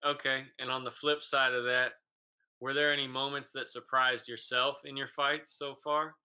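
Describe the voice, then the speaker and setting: A man's voice: medium pitch, little pitch movement, moderate pace, pushed and bright, smooth, low-quality recording. A man hosting a podcast interview, asking questions and telling stories in a casual, slangy way. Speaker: podcast host.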